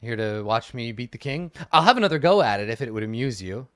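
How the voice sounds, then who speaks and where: A man's voice: medium pitch, very animated, fast, fairly bright tone, no echo, clean studio sound. A man voicing a cocky young male noble duelist in a tabletop game, teasing and playfully arrogant.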